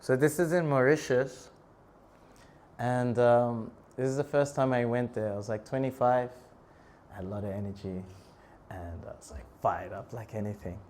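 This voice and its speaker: A man in his thirties, a monk preacher telling a lively story in a temple talk, laughing often and breaking into shouted prayers. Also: mid-range voice, moderate pace.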